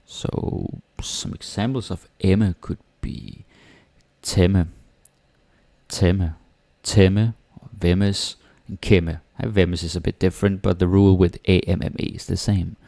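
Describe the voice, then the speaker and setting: A man with a Danish accent teaching pronunciation, speaking slowly and repeating each word for the learner. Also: deep voice, steady tone, creaky, dark tone, no echo. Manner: slow, repeating words for the learner. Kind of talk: pronunciation lesson.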